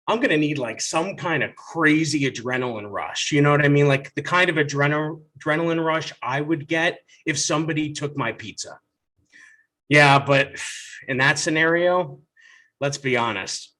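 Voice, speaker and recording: A man's voice: fairly high pitch, normal speed. A man in his thirties performing a stand-up comedy set, animatedly telling stories and acting out his family's lines. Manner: animated storytelling, acts out family dialogue.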